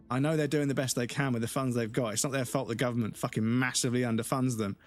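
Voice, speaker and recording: A British man talking casually on a game stream. His voice sounds stuffed up, and he keeps clearing his throat. He rants in a mid-pitched voice and swears constantly. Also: fairly even intonation, fast talker, hardly any pauses, soft background music. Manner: ranting, heavy swearing. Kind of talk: casual live-stream chat.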